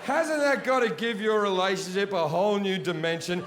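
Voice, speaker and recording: Brash, crude stand-up man, high voice. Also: moderate pace, a bit bright. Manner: brash, crude, mocking punchlines. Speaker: stand-up comedian. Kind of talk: stand-up comedy set. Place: large theater with audience. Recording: roomy live hall, audience noise.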